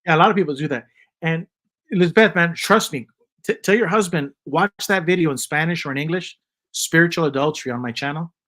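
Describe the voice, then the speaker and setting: A man in his fifties hosting a casual livestream chat, rambling and joking in a loose, animated way. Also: on the high side, fast, rough recording. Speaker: host.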